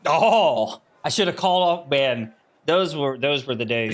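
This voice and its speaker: A man's voice: fairly high pitch, lively intonation, measured pace, hardly any pauses, slight background noise. A young man hosting a live stream, chatting casually with crude, teasing banter. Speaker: streamer and host.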